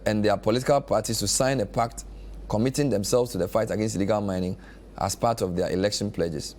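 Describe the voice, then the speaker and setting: A male news host, reading an official statement aloud and then giving his own analysis in a measured way. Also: fairly low pitch, a little mellow. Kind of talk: reading a statement on air with commentary.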